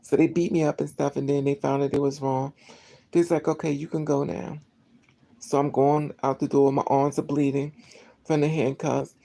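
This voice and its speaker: A vlogger talking straight to the camera in a loose, rambling monologue, with a gravelly, fry-edged voice. The tone is dark and mellow, and the delivery keeps restarting sentences and slipping into acted-out dialogue. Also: medium pitch, normal speed. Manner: rambling, animated, acts out dialogue, many restarts. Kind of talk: casual storytelling monologue.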